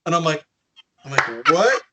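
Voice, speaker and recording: A man's voice: a little high, moderate pace, heavy background noise. A man hosting a podcast, telling a story in casual chat, acting out the lines of others and swearing freely. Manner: animated storyteller, acts out quotes, swears often. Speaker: podcast host.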